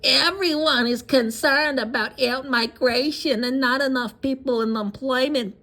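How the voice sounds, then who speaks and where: A man putting on a shrill mocking woman with a fake Russian accent. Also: sharp tone, full character voice. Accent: mock Russian. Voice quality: high, strained falsetto. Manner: slow, exaggerated, mocking delivery.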